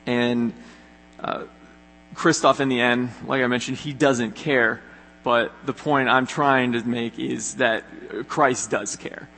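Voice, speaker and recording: A man's voice: mid-range voice, steady tone, takes it slowly, fairly bright tone. Earnest young male youth preacher. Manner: earnest, conversational, many fillers. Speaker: youth pastor. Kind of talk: sermon. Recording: echoey hall with long reverb.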